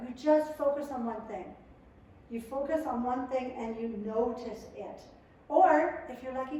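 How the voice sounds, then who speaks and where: A woman's voice: high-pitched, a little hiss or hum. Woman teaching in an echoey room. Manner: lively, conversational, acts out quotes. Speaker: family skills workshop presenter. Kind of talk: talk to a live audience. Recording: echoey room, mic far off.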